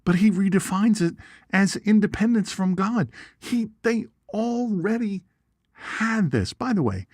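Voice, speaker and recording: A man's voice: sits high, measured pace, no room sound, clean studio sound. A man hosting an informal Bible teaching show, folksy and chatty, with jokes and asides. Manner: folksy and animated, asides and jokes, reads viewer comments.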